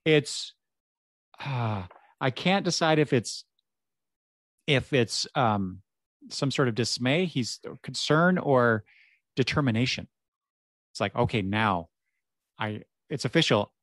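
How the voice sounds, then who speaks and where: A man's voice: mid-range voice, lively intonation, takes it slowly, pauses often, fairly bright tone, no room sound. A man co-hosts a comics discussion, circling back over his words as he thinks aloud. His voice is recorded dry and close, with no room sound. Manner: hesitant, repeats words while thinking aloud. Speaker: podcast co-host. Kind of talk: casual discussion.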